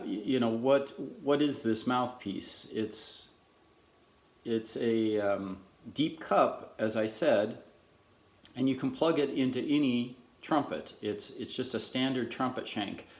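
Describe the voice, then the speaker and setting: A middle-aged man giving a casual demonstration lesson as a trumpet mouthpiece maker, explaining in an unhurried way with frequent restarts. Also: mid-range voice. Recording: echoey room.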